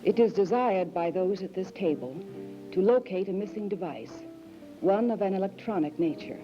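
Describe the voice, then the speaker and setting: An actress playing a composed woman hero who leads a seance, speaking in a formal, stilted way, heard as dull low-fi film audio with music. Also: normal speed, natural voice. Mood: solemn.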